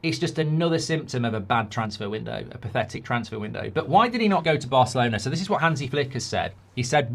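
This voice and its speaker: A man's voice: mid-range voice, animated, fast talker, vocal fry, hardly any pauses. A man, a football fan commentator ranting with sarcastic rhetorical questions.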